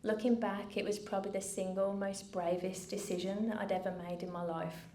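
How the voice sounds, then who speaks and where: A middle-aged woman giving a personal speech from a stage, earnest and measured with dry asides. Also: mid-range voice, flat delivery, warm tone. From United Kingdom. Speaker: founder giving a keynote speech. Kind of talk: personal story told from a stage. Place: event venue with a live audience. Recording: roomy venue, faint background noise.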